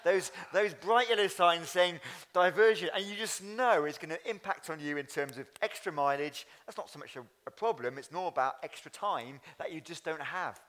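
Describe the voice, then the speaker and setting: A man's voice: fairly high pitch, normal speed, few pauses, a bit bright. A man who is a church leader, preaching a sermon at a Sunday service in a chatty way, speaking straight to the congregation. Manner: chatty, addresses congregation directly.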